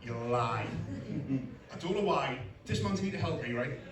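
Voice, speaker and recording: A middle-aged comic works a comedy club stage for a live crowd, blunt and self-mocking, tossing asides to the audience. His voice is a little high and expressive, at a moderate pace. Distant, roomy club acoustics carry audience laughter.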